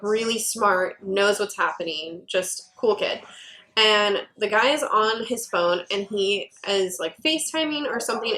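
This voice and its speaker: A woman who works at a game store, telling an animated story in casual chat, full of "like" fillers. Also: medium pitch, rough recording. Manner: animated anecdote with many "like" fillers.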